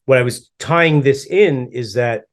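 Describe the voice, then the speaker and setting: A man's voice: mid-range voice, a little slow. Chatty middle-aged man telling a story. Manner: animated storyteller, acts out his own past lines. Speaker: podcast co-host. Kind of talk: casual chat.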